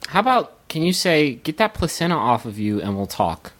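Male comedy podcast co-host, quick riffs and laughter, lively pitch. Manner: playful, riffing, laughs often. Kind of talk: casual comedic banter.

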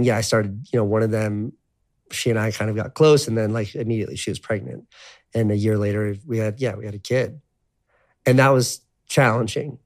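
A man in his thirties telling his life story as an interview guest, rambling and profane, full of "like". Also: mid-range voice. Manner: rambling, profane, heavy use of filler "like". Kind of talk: casual storytelling.

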